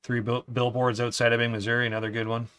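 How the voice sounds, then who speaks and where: A relaxed man with a middle-pitched voice chats on a live stream from his desk. He reads out viewer comments, answers them in an easygoing way, and often ends lines with "man". Now and then he drops to a low mutter while he focuses on the model he is building. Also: quick pace, smooth.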